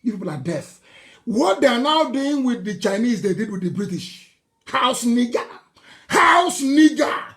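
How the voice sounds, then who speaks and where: Man, Nigerian accent, political broadcast, fiery, scornful, repetitive, shouting bursts. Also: extremely high pitch, expressive, moderate pace. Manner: fiery, mocking, scornful laughter, repeats phrases, bursts into shouting. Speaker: political activist leader.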